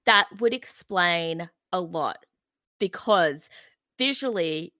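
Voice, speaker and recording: A woman's voice: on the low side, lively intonation, takes it slowly, sharp tone, no room sound. A woman co-hosting a music podcast, chatting in a bubbly, filler-heavy way. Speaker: podcast co-host. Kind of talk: casual music podcast chat.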